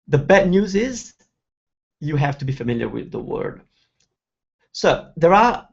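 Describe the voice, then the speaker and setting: A man teaching as host of an online webinar, reading out viewer questions and slowly sounding out example words. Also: fairly high pitch, creaky, dull audio. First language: Italian. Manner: reads out viewer questions, then slowly spells out pronunciation. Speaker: Italian teacher. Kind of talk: webinar Q&A lesson.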